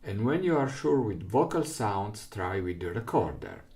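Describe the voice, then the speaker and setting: A man's voice: on the low side, big pitch swings, moderate pace, darkish tone. A man with an Italian accent, an Italian speaker teaching a recorder lesson in simple English, patiently explaining step by step. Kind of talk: music lesson.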